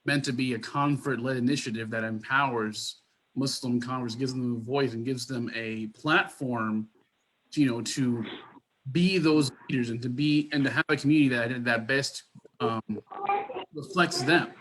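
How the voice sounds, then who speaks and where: A man's voice: mid-range voice, steady tone, normal speed, a bit bright, a little hiss or hum. A man who co-founded the organization asking the guest a question on a video call, hesitant and earnest with many fillers.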